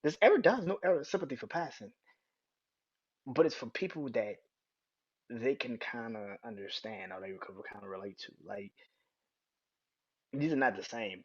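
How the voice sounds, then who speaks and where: Husky young man rambling on a podcast. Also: lowish voice. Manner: rambling, swears freely, frequent restarts. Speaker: podcast host. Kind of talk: casual solo podcast talk. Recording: dull lo-fi sound.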